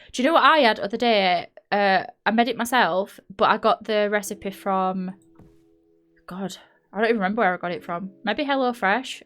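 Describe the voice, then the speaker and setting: This Yorkshire-accented woman streams a building game live and chats casually, wandering off topic, laughing a lot and often correcting herself. Her voice sits in the mid range with a slightly bright quality.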